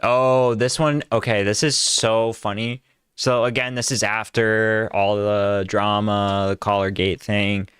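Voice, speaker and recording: A man's voice: fairly low pitch, little pitch movement, unhurried, fairly bright tone, clean tone, no room sound, clean studio sound. A man co-hosting casual reaction commentary, sarcastic and mocking, using "like" a lot. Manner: sarcastic, mocking, heavy use of "like". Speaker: co-host.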